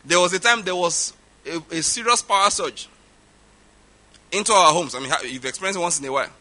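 A middle-aged Nigerian-accented man preaching with a raised, ringing voice. His tone is sharp and bright, and he drives his points home by repeating them. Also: high-pitched, brisk. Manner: emphatic, repeats points for stress. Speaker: pastor. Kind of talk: sermon.

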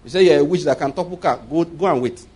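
A man's voice: fairly high pitch, fast talker, mellow, breathy edge. A man with a Nigerian accent preaching a sermon, telling humorous stories and making emphatic declarations. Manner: humorous, storytelling, laughs often. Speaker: pastor.

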